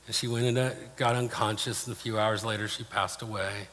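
A man's voice: on the low side, steady tone, moderate pace, few pauses, fairly bright tone, a little hiss or hum. Plain-spoken male preacher in a reverberant hall. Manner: plain-spoken, personal storytelling. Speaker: pastor. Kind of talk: sermon. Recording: long reverb of a large hall.

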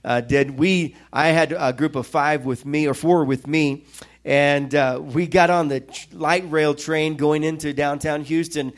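A middle-aged man preaching a sermon, telling stories with lively quoted voices. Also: on the high side, a little slow. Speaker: pastor.

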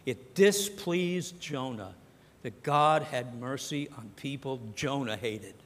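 A man's voice: medium pitch, expressive, slow pace, fairly bright tone. A man preaching a sermon as pastor, talking conversationally and acting out the scripture dialogue. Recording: long hall reverb.

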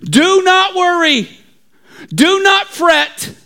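A man's voice: extremely high pitch, expressive, extremely slow, vocal fry, pushed and bright, pitched above the performer's own voice, exaggerated voice. A man voicing an eager young male Bible student who confidently offers earnest, preachy reassurance.

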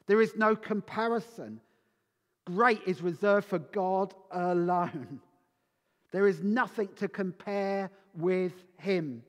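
A man delivers a Christmas sermon in a high voice, drawing out each phrase with slow, weighty pauses. His words ring out with long reverb, as if filling a large church hall. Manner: slow, emphatic preaching with dramatic pauses. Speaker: preacher.

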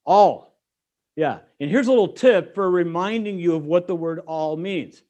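Male pastor, middle-aged, slightly higher voice, chatty sermon with jokes. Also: normal speed, a little mellow. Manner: conversational, joking asides to the congregation.

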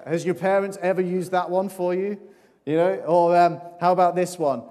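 A man's voice: a little high, fairly even intonation, brisk, darkish tone. A man giving a playful children's talk in a church service, chatting and asking the audience questions. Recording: long reverb of a large hall.

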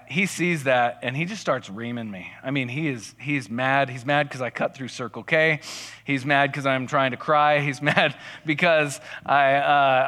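Bright-voiced man preaching with long reverb. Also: mid-range voice. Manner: conversational, self-deprecating storytelling. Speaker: pastor. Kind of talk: casual sermon with personal stories.

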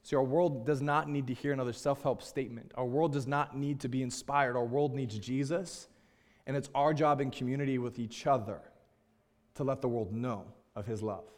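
A man's voice: medium pitch, fairly even intonation, normal speed, darkish tone. A young man, a pastor, telling a personal story in a sermon, earnest and openly emotional in a candid, conversational way.

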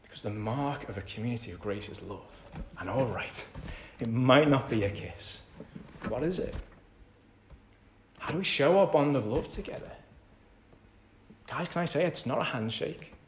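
A man preaching a conversational sermon in a church. He repeats key phrases and swings from hushed to loud. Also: mid-range voice, animated, moderate pace, long pauses, a little hiss or hum. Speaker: pastor. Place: church hall. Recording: echoey church hall.

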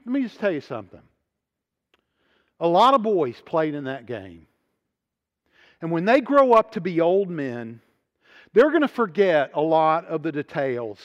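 A man telling a story in a sermon, animated, rising to excited peaks and dropping to quiet appeals. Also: sits high. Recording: muffled audio in a large reverberant hall.

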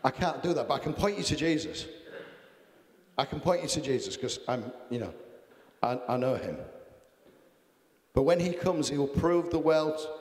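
A man's voice: mid-range voice, darkish tone, roomy sound, big-room sound. A man preaching a sermon, earnest and self-deprecating, reading Bible passages aloud. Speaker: pastor.

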